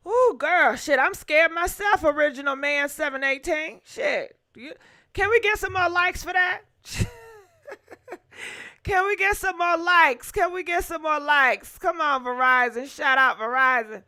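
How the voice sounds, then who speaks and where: A woman hosting a casual gossip livestream, animated and profane, talking straight to her viewers. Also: high voice, measured pace.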